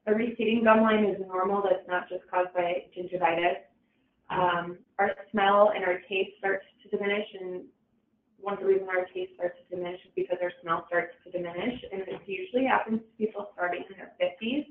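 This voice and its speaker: A woman talks through an educational webinar in a loose, casual way, with fillers and restarts. Her voice sits at a middling pitch and comes through a thin, phone-like channel. It also sounds distant and roomy. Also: fairly even intonation, fairly quick, a little hiss or hum. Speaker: webinar presenter. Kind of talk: informal educational presentation.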